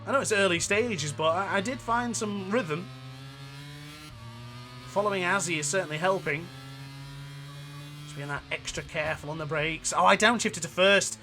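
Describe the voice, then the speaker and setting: A man with a northern English accent giving chatty, excitable gameplay commentary while racing, laughing often. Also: sits high, normal speed, long pauses, music in the background.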